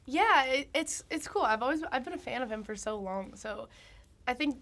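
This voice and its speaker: A woman's voice: sits high, animated, moderate pace, fairly bright tone. A woman in her twenties, a musician being interviewed, talking casually with lots of fillers, laughs and trailing thoughts. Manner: giggly, filler-heavy, trailing off. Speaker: guest musician.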